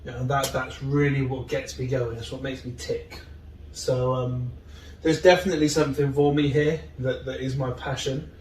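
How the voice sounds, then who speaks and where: A man talking as a guest in a casual interview, earnest and open, and he rambles a little when he gets excited. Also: medium pitch, moderate pace, slight background noise. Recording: roomy, distant mic.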